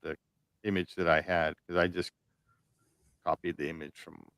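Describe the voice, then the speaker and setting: Gravelly low man, laughing and chatty. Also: level tone, fairly bright tone, no room sound. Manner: laughs often, talks in halting restarts. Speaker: co-host. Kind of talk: casual live-stream chat.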